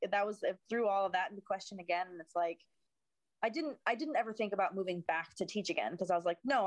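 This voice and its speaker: A woman's voice: lowish voice, dry recording. A woman in her thirties from the United States, an actor, chatting casually and animatedly, swearing freely. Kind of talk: casual chat.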